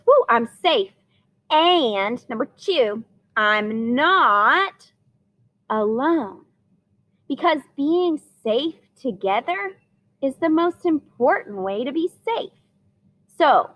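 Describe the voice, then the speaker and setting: Woman teaching little kids, bouncy sing-song voice, fairly high, gentle and slow to explain. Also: low-quality recording. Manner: warm sing-song delivery with soft fillers. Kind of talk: gentle lesson for young children.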